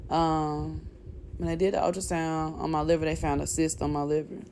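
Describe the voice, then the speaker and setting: Candid woman with a low, mellow voice. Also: level tone, normal speed, a little hiss or hum. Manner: candid, chatty, speaks straight to viewers with "y'all" and "okay?"; faith-filled, calls for casting down negative words. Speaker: vlogger sharing a personal testimony. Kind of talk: emotional personal testimony.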